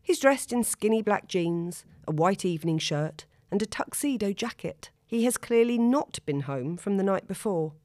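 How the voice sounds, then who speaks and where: A woman narrating a story in a steady, expressive reading. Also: medium pitch, moderate pace, hardly any pauses, no echo. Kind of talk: audiobook narration.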